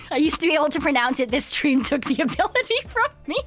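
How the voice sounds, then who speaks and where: A woman's voice: sits high, big pitch swings, brisk, fairly bright tone, faint music behind. A young woman streaming a game, chatting in a playful, rambling way, swearing and giggling often. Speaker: VTuber streamer. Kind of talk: casual live-stream chat.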